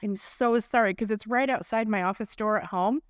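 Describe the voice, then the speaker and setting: A woman's voice: mid-range voice, dry recording, studio quality. A woman co-hosting a podcast, chatting casually and reacting with jokes. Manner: quick reactions, joking asides. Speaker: podcast co-host. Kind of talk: casual chat.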